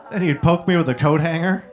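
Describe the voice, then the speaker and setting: A young man performing a stand-up comedy set on stage, telling stories with punchy asides, tagging jokes with a quick "right?" and bantering with the crowd. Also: on the high side. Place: live comedy showroom.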